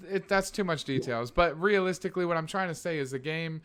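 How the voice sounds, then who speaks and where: A man co-hosting a casual chat about video games, animated and full of restarts. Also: fairly high pitch, brisk, crowd noise. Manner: animated, talks over others with many restarts. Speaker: podcast co-host.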